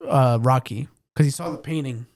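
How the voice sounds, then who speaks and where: A young man co-hosting a podcast in casual chat, retelling scenes with animated energy. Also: mid-range voice, moderate pace. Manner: animated storyteller, acts out scenes. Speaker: podcast co-host.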